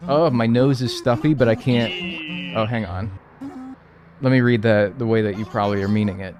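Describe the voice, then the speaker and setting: This twenties-aged streamer has a mid-range voice and talks at normal speed while a crowd murmurs in the background. He chats profanely with viewers during gameplay, reading chat, rambling on and drifting into mumbles.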